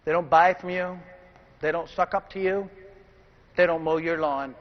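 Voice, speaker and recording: A middle-aged man giving a motivational speech to a room full of people, calling out for the crowd to answer back and swinging between shouting and hushed intensity. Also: a little high, fairly even intonation, normal speed, in a large hall. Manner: call-and-response, demands the crowd answer. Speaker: motivational speaker. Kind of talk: motivational speech to a live audience. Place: large room with an audience. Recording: dull lo-fi recording.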